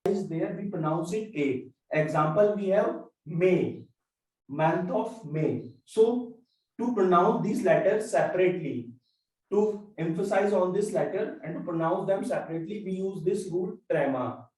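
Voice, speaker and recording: A man teaching a French class, explaining slowly and repeating each example word. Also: sits high, darkish tone. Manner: slow, repetitive explaining with drawn-out example words. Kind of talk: classroom lesson. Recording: echoey classroom, far from mic.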